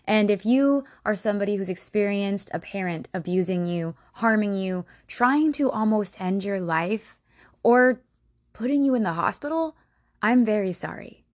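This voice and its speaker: A woman's voice: medium pitch, expressive, normal speed, a little mellow, dry recording, clean studio sound. A woman hosting a podcast, narrating true crime casually, blunt and emotionally invested, swearing freely. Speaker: podcast host.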